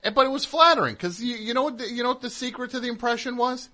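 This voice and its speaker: A man's voice: extremely high pitch, fast, sharp tone. A man hosting a radio show, rambling and joking, interrupting himself as he talks into a studio mic. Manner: rambling, jokey, self-interrupting. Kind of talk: casual radio monologue.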